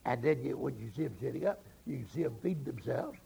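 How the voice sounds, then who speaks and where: A man preaching, telling a story slowly with drawn-out, emphatic phrasing and a gravelly voice. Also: medium pitch, lively intonation, dark tone, rough recording. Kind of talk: storytelling sermon.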